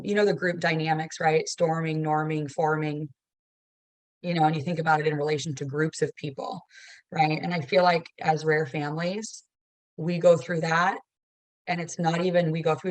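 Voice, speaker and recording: A woman's voice: sits low, steady tone, no echo, low-quality recording. A mother of a child with a rare disease sharing her experiences earnestly and reflectively in a support group. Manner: earnest, reflective, quick bursts of speech.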